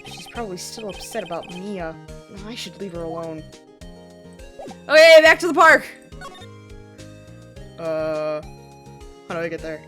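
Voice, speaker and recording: A woman's voice: lowish voice, expressive, a little slow, long pauses, pushed and bright, soft background music. A woman streamer giving casual let's-play commentary, offhand and prone to swearing.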